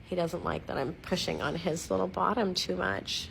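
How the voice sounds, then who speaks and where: Low-voiced, rambling, giggly woman. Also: normal speed, a bit bright, a little hiss or hum. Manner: rambling, giggly, self-mocking, digresses often; clears throat often. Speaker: vlogger updating followers. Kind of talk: casual chatty video update. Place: at home, lying against her dog.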